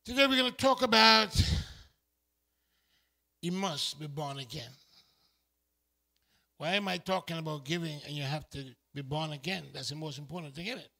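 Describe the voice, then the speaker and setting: A man from St preaching a sermon in a church, shifting from quiet talk to impassioned shouting. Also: on the high side, quick pace, creaky, hardly any pauses.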